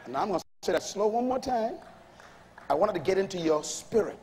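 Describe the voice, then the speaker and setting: A man's voice: high voice, animated, fairly quick, a little mellow, in a large hall, a little hiss or hum. A man preaching a sermon in an emphatic call-and-response manner, reading scripture aloud and urging the congregation to respond. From Bahamas. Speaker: pastor.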